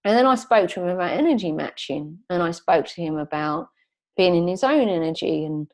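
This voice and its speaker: A woman working as a coach, a guest in an interview, telling a client story in a lively way and acting out the dialogue. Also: on the low side, a little fast. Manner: earnest, emotional when recalling. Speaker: transformational coach.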